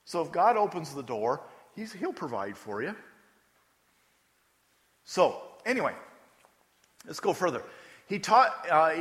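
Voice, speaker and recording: Bright-voiced pastor preaching in a reverberant hall. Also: male voice, a little high. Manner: conversational preaching, repeats words for emphasis. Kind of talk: sermon.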